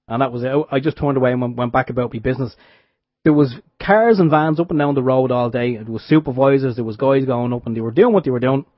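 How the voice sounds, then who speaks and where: A man's voice: medium pitch, fast, dry recording. An Irish man co-hosting a radio show, telling a wry story in casual chat with frequent restarts. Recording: dull dry radio sound.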